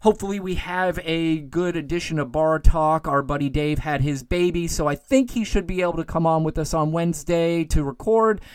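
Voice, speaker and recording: Male podcast host, solo rant, lively, worked-up delivery, dry close sound. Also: fairly high pitch, normal speed, few pauses, smooth, dry recording. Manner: animated, ranting, gets worked up then calms. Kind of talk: solo political commentary podcast.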